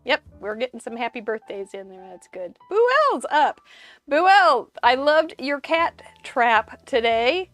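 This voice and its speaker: A woman's voice: high voice, very animated, slow, fairly bright tone, soft background music. A woman hosting a live crafting stream, chatty and bubbly, greeting viewers by name and laughing often. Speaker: host of a live crafting show.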